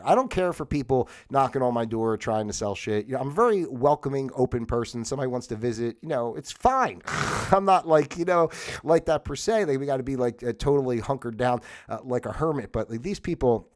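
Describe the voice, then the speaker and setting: A man's voice: medium pitch, lively intonation, fairly quick. A middle-aged man from New Jersey hosting a livestream, telling a rambling story with lots of fillers and some mild swearing. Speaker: livestream host. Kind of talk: casual livestream monologue.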